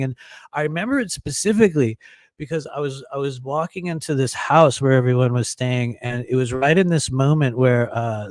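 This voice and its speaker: A man telling a long personal story in a casual monologue, rambling and filling pauses with "you know" and frequent laughs. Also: mid-range voice, no room sound. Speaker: podcast host telling a story.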